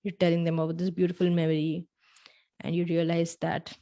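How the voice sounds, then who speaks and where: A woman hosting a podcast, talking the listener through a scenario in the second person with soft asides, and slowing down on key points. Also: on the low side, completely flat delivery. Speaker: podcast host. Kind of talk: reflective storytelling podcast.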